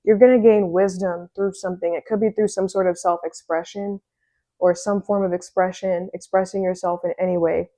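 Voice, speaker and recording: A woman giving a casual, excitable tarot reading, chatty and full of fillers. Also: lowish voice, normal speed, no echo. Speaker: tarot reader.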